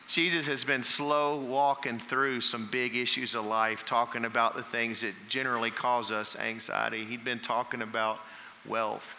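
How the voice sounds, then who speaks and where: Male pastor, sermon delivery, strongly bright tone, long hall reverb around him. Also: mid-range voice, slight background noise. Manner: preaching with rising emphasis and scripture reading.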